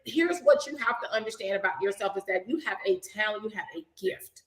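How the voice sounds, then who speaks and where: A woman hosting a casual talk for a nonprofit program, animated and effusive, praising and preaching with a lilt. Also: mid-range voice, fairly quick, echoey room, poor audio. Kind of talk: casual chat.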